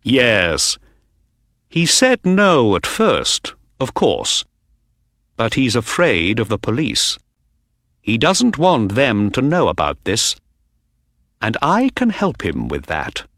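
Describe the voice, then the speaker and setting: A man voicing a calm, assured detective. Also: medium pitch, takes it slowly, pauses often, no room sound, studio quality, exaggerated voice. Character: sharp, confident male detective, middle-aged. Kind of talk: audiobook character reading.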